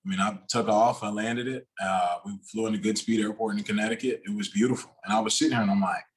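A man's voice: fairly low pitch, steady tone, fast. A man talking as a podcast guest in a casual, rambling way, with loose, restarting sentences. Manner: rambling, many fillers and restarts.

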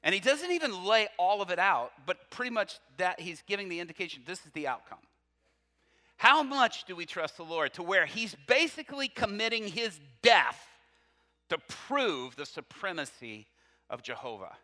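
An animated man preaching in a church hall, with a bright, forceful voice pitched a little high. He reads scripture aloud, breaks off into laughing asides and puts questions to the room, and a long reverb trails each phrase. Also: moderate pace. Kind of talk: sermon.

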